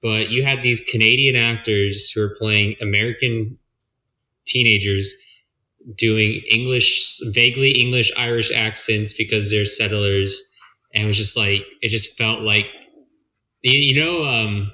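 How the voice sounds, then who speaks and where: A man talks through a movie in a loose, rambling, profane way. His voice is very bright and forward. The room around him rings with echo. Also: on the low side, measured pace. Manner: rambling, profane, animated storytelling. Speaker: podcast co-host. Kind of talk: casual movie review chat.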